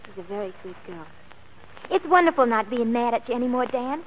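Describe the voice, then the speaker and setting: An earnest, candid young woman, played by an actress in a 1940s film. Her voice sits a little high. The soundtrack is thin and phone-like with a faint hiss. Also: lively intonation, fairly quick, lightly acted. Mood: tender. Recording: tinny old film soundtrack.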